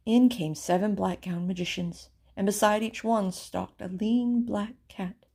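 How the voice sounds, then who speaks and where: A woman reading a children's storybook aloud with expressive, theatrical narration. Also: mid-range voice, a little slow, breathy edge. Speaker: storybook reader.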